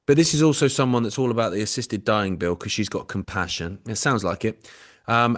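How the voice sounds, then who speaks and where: Sweary, sarcastic British man. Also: on the low side. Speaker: podcast co-host. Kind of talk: casual chat.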